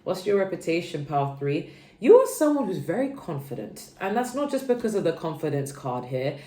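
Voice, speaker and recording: A woman's voice: lowish voice, sing-song, a little fast, warm tone. Chatty young woman reading tarot. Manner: chatty, rambling, says okay a lot. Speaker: tarot reader. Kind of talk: casual tarot reading to camera. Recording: roomy echo.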